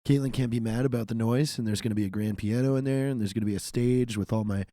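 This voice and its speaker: A man on a podcast describing plans with excited, stammering restarts. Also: medium pitch, quick pace, dry recording, studio quality. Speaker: podcast co-host. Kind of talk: casual chat.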